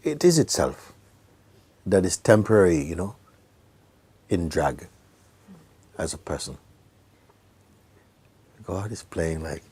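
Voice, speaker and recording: A man giving a spiritual talk to a gathering, speaking gently, often laughing and sometimes dropping into a whisper. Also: low-pitched, expressive, takes it slowly, vocal fry, pauses often, slight background noise. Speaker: spiritual teacher.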